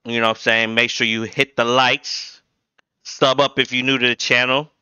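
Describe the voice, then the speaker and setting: Bright, crisp-voiced man reacting casually. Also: medium pitch, level tone, moderate pace, no echo. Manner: slangy, loose, keeps saying "you know what I'm saying". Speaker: reaction channel host.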